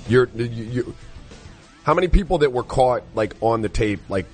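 A man's voice: medium pitch, lively intonation, normal speed, darkish tone, faint music behind. A man in his forties, a former pro player, talking sports casually with lots of slang and fillers.

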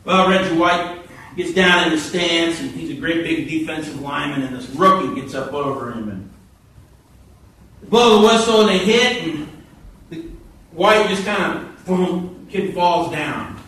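A man preaching a sermon, telling stories with animated quoted voices, heard from a distance in a church hall. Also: a little high, a little slow. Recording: echoey hall from far off.

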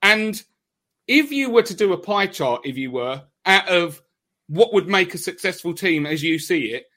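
A man's voice: high-pitched, lively intonation, normal speed, pushed and bright. A man hosting a podcast from a hotel room on a laptop microphone, enthusiastic and rambling through his questions with many fillers. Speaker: podcast host. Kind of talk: casual podcast chat.

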